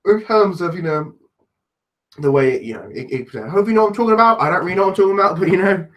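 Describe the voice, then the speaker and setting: A man with a London accent talks loosely on a live stream, answering chat as he goes. His voice sits a little high, and his talk wanders with false starts and self-deprecating remarks. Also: lively intonation, fast, muffled recording. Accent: London English. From London, England. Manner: rambling, self-deprecating, many restarts.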